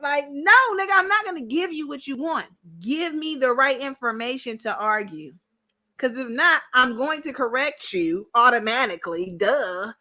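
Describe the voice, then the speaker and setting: A woman's voice: high-pitched, animated, moderate pace, bright, forceful tone. A woman hosting a reaction commentary, talking bluntly and directly with lots of profanity. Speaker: commentary host. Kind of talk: reaction commentary on a panel clip.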